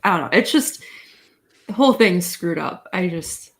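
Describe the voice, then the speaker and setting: A woman's voice: on the low side, animated, normal speed, fairly bright tone. A woman guest on a casual podcast, chatting and reacting in loose sentences that often trail off. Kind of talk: casual chat.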